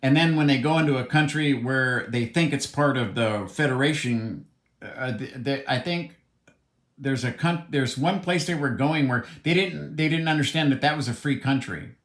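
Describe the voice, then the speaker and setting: A man's voice: fairly high pitch, fairly bright tone. A man delivering a heated, blunt, profane monologue, commenting on the news. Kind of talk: opinionated monologue. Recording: roomy echo.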